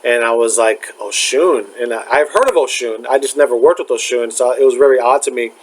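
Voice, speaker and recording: A man's voice: mid-range voice, a little hiss or hum, rough recording. Rambling young man recounting a dream. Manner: rambling, halting, many fillers and restarts. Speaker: spiritual vlogger. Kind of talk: casual storytelling.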